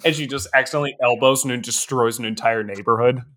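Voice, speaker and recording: A man's voice: mid-range voice, steady tone, quick pace, a bit bright. A man co-hosting a comedy podcast who riffs on a movie in a rambling, laughing way. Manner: rambling, laughs often, riffs on absurd jokes. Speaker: podcast co-host. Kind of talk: casual comedic movie recap.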